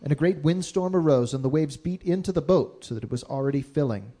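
A man reading Bible passages aloud in a steady, measured way during a sermon. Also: a little high. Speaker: scripture reader.

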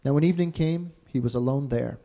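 A man reading Bible passages aloud in a steady, measured way during a sermon. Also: mid-range voice. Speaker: scripture reader.

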